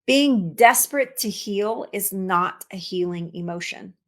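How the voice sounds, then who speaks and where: A woman, a cancer coach, giving an expressive motivational talk, repeating words for emphasis and laughing at herself. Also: mid-range voice, measured pace.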